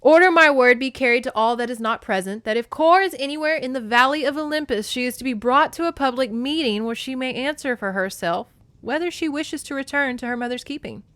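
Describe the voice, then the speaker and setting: A woman's voice: high voice, brisk, few pauses, fairly bright tone, no echo, voice pushed up. A woman reading aloud as a stern queen goddess who addresses an assembly in a declamatory way. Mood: commanding. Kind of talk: dramatic reading from a novel.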